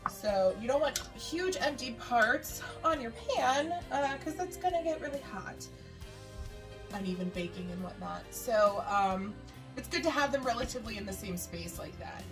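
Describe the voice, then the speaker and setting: A woman casually talking through a recipe in her kitchen, chatty and rambling. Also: mid-range voice. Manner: chatty, rambling, lots of "uh" and laughs. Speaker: baking vlogger. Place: home kitchen.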